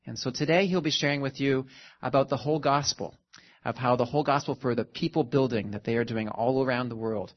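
A man's voice: mid-range voice, brisk, dull audio. A Canadian man, a pastor, introducing a guest speaker to his church with hesitant, filler-laden speech. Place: church sanctuary.

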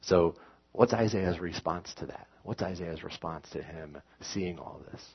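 Deep husky-voiced man preaching. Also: a little slow, highs cut off. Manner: conversational, self-correcting, rises into emphatic scripture reading. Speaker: pastor. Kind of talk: sermon.

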